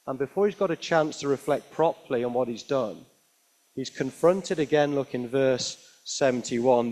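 Delivering a sermon at normal speed in a voice on the high side, this preacher tells the story with expression, using frequent rhetorical tag questions. He builds to emphatic peaks, then drops to hushed lines.

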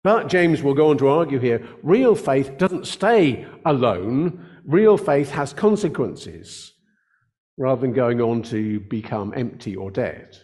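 An older male pastor delivers an earnest sermon from the pulpit in a mid-range, expressive, darkish voice. His pace is easy and conversational, slowing deliberately to lean on the key words.

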